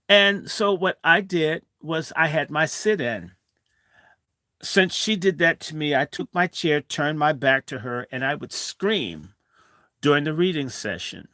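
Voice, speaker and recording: A man's voice: on the high side, expressive, takes it slowly, pushed and bright, dry recording, studio quality. Blunt, profane man in his sixties. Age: 60s. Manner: blunt, provocative, swings from story to rant. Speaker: host. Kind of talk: profane storytelling monologue.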